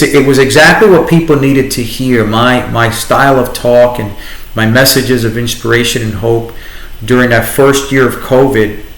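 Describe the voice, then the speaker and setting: A middle-aged man with a New York accent, telling his story as a guest in a conversational interview, animated and restarting often. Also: medium pitch. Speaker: guest, entrepreneur and radio host. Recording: echoey room.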